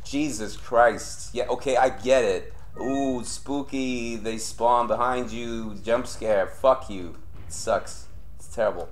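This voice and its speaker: Young man, game streamer, slow speech, lots of swearing, grumbling then yelling, faint noise behind. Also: on the low side. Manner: swears often, swings between grumbling and yelling. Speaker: streamer playing a horror game. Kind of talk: live gameplay commentary.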